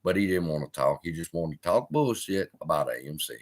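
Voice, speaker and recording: A male live-stream host with a low voice talks a little fast, chatting casually with viewers and swearing often as he answers them. He's profane and animated, heckling his chat as he goes.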